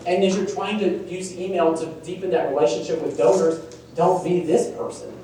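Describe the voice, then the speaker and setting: A man's voice: high voice, steady tone, brisk, warm tone. Chatty male presenter in an echoey room. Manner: conversational, asks the audience questions, mocks stiff wording. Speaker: workshop presenter. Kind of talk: conference talk on email marketing. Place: large meeting room. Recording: echoey room, distant mic, faint room noise.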